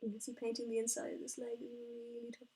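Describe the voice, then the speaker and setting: A woman who paints miniatures and streams it, chatting casually and excitably, rambling and talking to herself as she works at her painting desk. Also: fairly high pitch, fast, slightly rough. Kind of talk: casual live-stream chat while painting.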